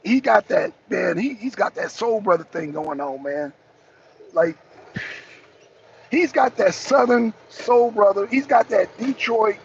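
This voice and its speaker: A man's voice: high voice, expressive, measured pace, creaky. A man hosting a live talk show and ranting profanely in casual, repetitive commentary from his car in traffic. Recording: slightly dull lo-fi audio.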